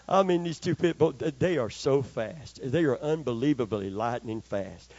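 A man's voice: mid-range voice, expressive, a little slow, creaky, warm tone, slightly rough. Older man preaching a folksy sermon. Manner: homespun, calls for amens from the congregation. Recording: slightly dull, dry recording.

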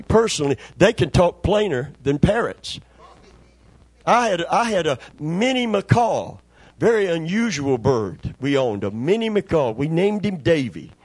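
A man's voice: high voice, slightly rough, dry recording. A middle-aged man preaching a sermon in a folksy, conversational storytelling way, repeating words for emphasis. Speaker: pastor.

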